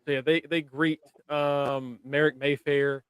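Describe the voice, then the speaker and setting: A man casually recapping a TV episode, animated, swearing and laughing as he retells scenes. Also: on the high side, a little slow, clear, resonant tone, dry recording. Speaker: podcast co-host. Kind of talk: casual review chat.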